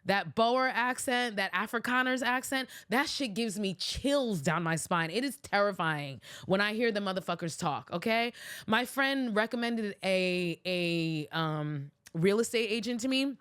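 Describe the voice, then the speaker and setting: A woman's voice: medium pitch, expressive, measured pace, fairly bright tone, clean tone, no room sound, clean studio sound. A young woman hosting a podcast, giving blunt, heated and profane commentary with emphatic restarts. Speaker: podcast host. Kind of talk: casual commentary.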